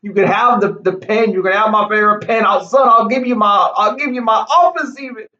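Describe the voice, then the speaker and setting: A man's voice: high-pitched, a little fast, bright, forceful tone, far from the mic, lo-fi sound. Man doing a whiny TV preacher. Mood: begging. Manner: whiny pleading drawl, repeats names over and over. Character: older male Southern TV preacher, pleading and fearful. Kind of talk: comedic impression monologue.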